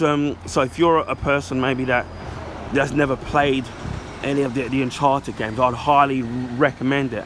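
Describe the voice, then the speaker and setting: Hoarse, congested man reviewing. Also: mid-range voice, background noise. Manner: rambling, self-correcting. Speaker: film reviewer. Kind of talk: casual review vlog.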